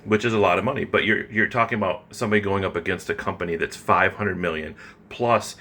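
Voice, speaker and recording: A man's voice: sits low, pushed and bright. A man talking straight to camera in a casual, earnest vlog monologue, rambling with many ums and restarts and addressing his listener directly. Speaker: vlogger.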